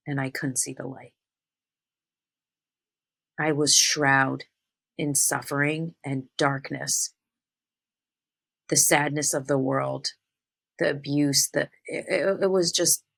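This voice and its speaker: A spiritual medium telling an earnest personal story and talking straight to her listeners, slowing down on the words that matter. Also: low-pitched, creaky, fairly bright tone, rough recording. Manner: earnest, addresses listeners directly.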